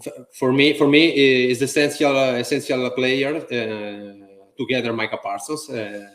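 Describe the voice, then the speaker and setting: Italian man in halting English. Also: medium pitch, fairly even intonation, fairly bright tone. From Italy, Rome. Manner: halting English, laughs often. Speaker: live stream host. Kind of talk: casual chat.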